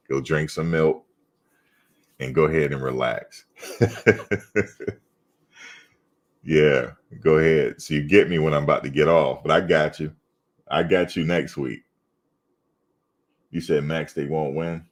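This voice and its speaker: A man's voice: rumbling low, steady tone, moderate pace, long pauses. A man hosting a casual fan livestream, chatting loosely and teasing commenters. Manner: laid-back, teasing chat commenters. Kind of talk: casual chat reading live comments.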